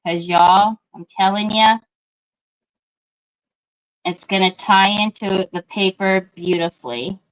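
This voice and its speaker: A woman's voice: mid-range voice, slow pace, long pauses, clear, resonant tone. A middle-aged woman, chatting casually and greeting viewers by name while she crafts on a livestream. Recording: dull lo-fi livestream audio.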